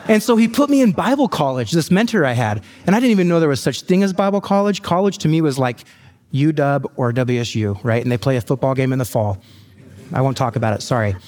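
A man's voice: medium pitch, a little mellow. Pastor guy sharing his story from the pulpit, jokey and self-deprecating, chatty asides. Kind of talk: sermon testimony.

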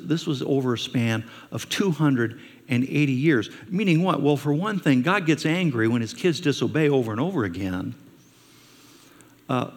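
A man preaching a sermon as a pastor, telling stories and asking his listeners rhetorical questions. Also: mid-range voice. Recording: long reverb of a large hall.

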